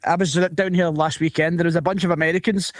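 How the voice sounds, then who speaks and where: A Glaswegian comedian tells an anecdote with animated energy, laughing often. His voice is notably high for a man. The sound is close and dry. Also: fast, no echo. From Glasgow. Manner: animated, laughs through stories. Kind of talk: casual anecdote.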